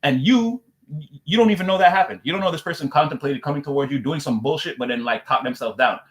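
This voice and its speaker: A man's voice: a little high, fast talker. A man delivering a loose, rambling spiritual message to his viewers, repeating "again" and circling back on his points. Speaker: spiritual reader.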